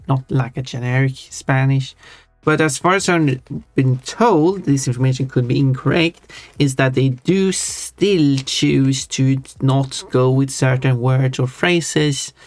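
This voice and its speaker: Male streamer, casual thinking-aloud chatter, even tone, dry mic. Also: medium pitch, no echo. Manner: rambling, thinking aloud with frequent self-corrections. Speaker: livestreamer. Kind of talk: casual chat while drawing on stream.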